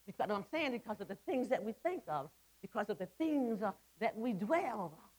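A woman's voice: a little high, sing-song, moderate pace, a little mellow, poor audio. A middle-aged woman giving a testimony sermon to women, impassioned and repetitive, with stammered restarts. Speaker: women's ministry speaker.

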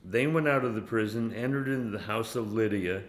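A man teaching a Bible passage casually, halting often and chuckling between points. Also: on the low side, roomy sound. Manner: halting, with many fillers and chuckles.

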